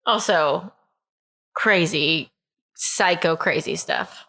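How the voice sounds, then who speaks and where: A woman's voice: lowish voice, slow pace, creaky, fairly bright tone. A woman co-hosting a podcast in casual chat, reacting to a film's plot with disbelief. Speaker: podcast co-host.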